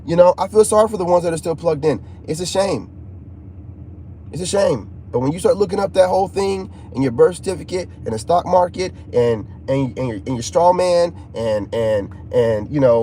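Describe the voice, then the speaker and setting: A man talking to his viewers in a casual, rambling monologue, restless and animated, often repeating himself. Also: on the high side. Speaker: YouTuber.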